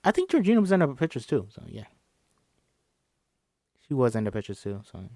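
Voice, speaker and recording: A man's voice: mid-range voice, very animated, a little fast, warm tone, no room sound, clean studio sound. A man reading a film script aloud in a casual way, often stumbling, correcting himself, and apologizing. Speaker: script reader.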